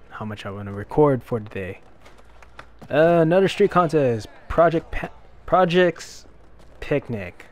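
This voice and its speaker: Talking into a desk microphone, this young YouTuber gives loose, rambling commentary on a skateboarding game and answers back to the characters on screen. His voice sits at medium pitch with a somewhat dark tone.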